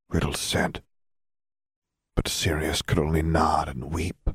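A man reading a fan fiction story aloud in slow, hushed dramatic narration. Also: rumbling low, little pitch movement, husky, no echo, studio quality. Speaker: audiobook narrator.

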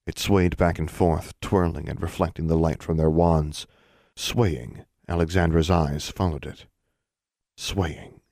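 A man reads a fantasy audiobook in a steady, even storytelling manner. His voice sits deep, and the recording is close and dry. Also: normal speed, few pauses, no room sound. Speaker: narrator. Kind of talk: audiobook narration.

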